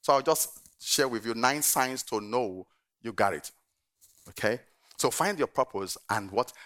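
A middle-aged man, a pastor, preaching a sermon with animated storytelling and frequent laughter. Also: mid-range voice, measured pace.

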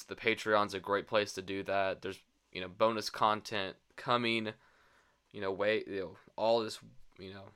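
A man's voice: on the low side, a bit bright, clean tone. A young man co-hosting a podcast in casual chat, crude and joking, often laughing. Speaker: podcast co-host.

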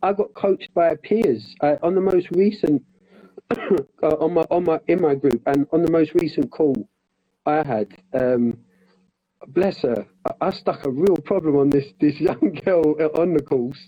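Husky man, rambling and muffled. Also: a little high, measured pace, warm tone. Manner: rambling with many restarts. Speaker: life coach in training. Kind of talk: casual conversation.

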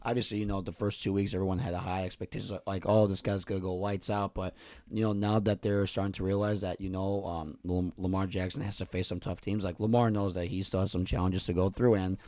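A man co-hosting a casual sports podcast, talking loosely with many fillers and breaking into profane, shouted rants. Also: low voice, flat delivery, fast, no room sound, studio quality. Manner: loose, filler-heavy talk that bursts into profane angry rants. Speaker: podcast co-host.

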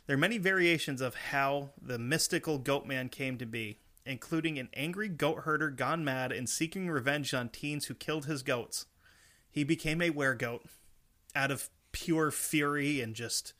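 A man's voice: medium pitch, a little slow, bright, forceful tone. A man co-hosting a casual podcast, reading monster legends aloud with crude jokes and teasing laughter. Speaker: podcast co-host.

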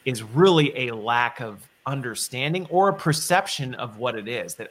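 A man with a bright, forward voice hosts a relaxed conversation. He thinks aloud as he goes, circling back and rephrasing his points before landing them. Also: mid-range voice, normal speed. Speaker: podcast host. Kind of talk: conversational interview.

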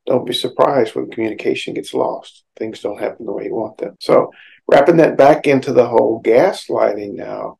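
A man's voice: mid-range voice, gravelly, mellow, rough recording. A middle-aged man, a psychotherapist, giving an informal educational talk in a conversational way and explaining through everyday examples.

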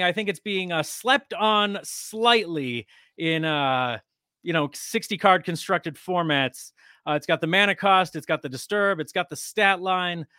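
A young man talking as a podcast guest in a relaxed, technical way, with many hesitant pauses. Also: high voice, dry recording, clean studio sound. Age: young adult. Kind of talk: casual podcast chat.

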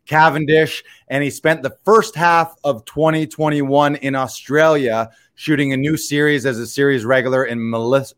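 A man's voice: on the high side, dry recording. Upbeat male host announcing a comic. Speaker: comedy show host. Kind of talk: announcing the next act.

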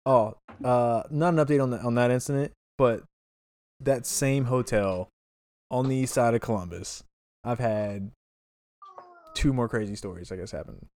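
A man's voice: mid-range voice, normal speed, long pauses, a little mellow. A man chatting casually as a podcast co-host, telling long rambling stories full of "uh" and restarts. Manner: rambling storyteller with many fillers and restarts. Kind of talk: casual chat.

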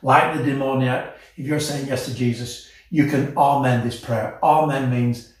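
A man's voice: medium pitch, fairly even intonation, normal speed. Impassioned male preacher, picked up from a distance in a very echoey hall. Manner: passionate, rising to emotional peaks then dropping soft. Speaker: pastor. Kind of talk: sermon.

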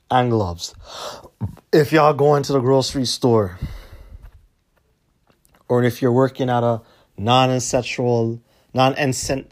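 A man's voice: mid-range voice, a little mellow. A man hosting his own podcast in a drowsy, laid-back monologue, swearing a lot and tacking "man" onto his sentences. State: tired, yawning. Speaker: podcast host. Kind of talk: casual monologue.

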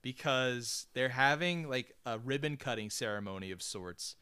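Bright, smooth-voiced man recapping a film. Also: medium pitch, lively intonation, normal speed, no echo. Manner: rambling retelling with many fillers. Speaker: podcast co-host. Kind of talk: casual movie recap chat.

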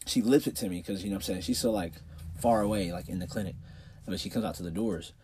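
A man's voice: low-pitched, fast, dark tone, a little hiss or hum. A man in his twenties telling a rambling, profanity-laden personal story full of fillers, coughing with a cold. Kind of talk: casual personal anecdote.

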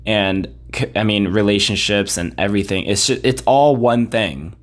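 A man talks through his own podcast episode in a loose, rambling monologue. His voice sits fairly low, and his delivery is blunt and conversational. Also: moderate pace. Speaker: podcast host.

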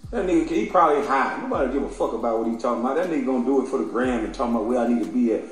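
A man's voice: mid-range voice, very fast. A man delivering a profane, heated rant, taunting and mocking his targets and laughing between insults. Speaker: commentator. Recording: very echoey room with faint music.

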